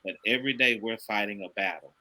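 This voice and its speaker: Middle-aged man, bright and forceful tone, earnest preachy delivery, casual talk. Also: lowish voice, quick pace, poor audio. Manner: earnest, preachy, emphatic repetition. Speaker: podcast guest, father. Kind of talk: casual conversation.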